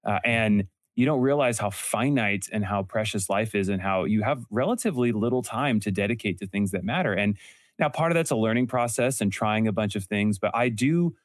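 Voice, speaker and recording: Young male guest, lowish pitch, dry close mic, earnest, restarts sentences. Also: dry recording. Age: young adult. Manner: earnest storytelling, quick self-corrections. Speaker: podcast host and entrepreneur guest. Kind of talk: casual interview talk.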